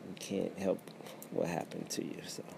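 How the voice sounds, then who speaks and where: Deep gravelly man, blunt casual talk. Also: flat delivery, moderate pace, noisy background. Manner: blunt, swears freely, laughs often. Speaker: podcast co-host. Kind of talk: casual chat.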